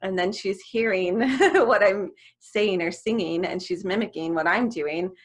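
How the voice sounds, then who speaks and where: A young adult woman who works as a music therapist chats animatedly on a video call for a casual interview, laughing often. Her voice is medium-pitched and a little slow.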